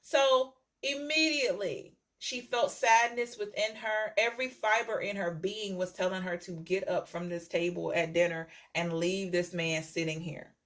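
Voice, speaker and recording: A woman's voice: medium pitch, fairly even intonation, moderate pace, few pauses, fairly bright tone. A woman tarot reader telling a story to her viewers in a chatty way, often checking in with "okay?" and repeating phrases.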